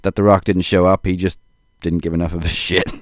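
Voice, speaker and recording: A man's voice: sits low, little pitch movement, fairly quick, dry recording. A man co-hosting a podcast in casual chat, handing out points with dry sarcasm. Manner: dry, sarcastic scoring of wrestlers. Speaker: podcast co-host.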